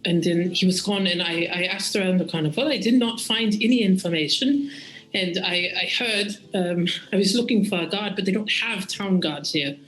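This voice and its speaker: A game master voicing an anxious deep gnome mother who lost her son, stammering in a put-on, vaguely German accent. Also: normal speed, fairly bright tone, natural voice, rough recording. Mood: worried.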